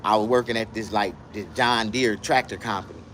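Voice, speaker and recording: A man telling a comedic story in a profane, animated, emphatic way. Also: fairly low pitch, brisk, slight background noise.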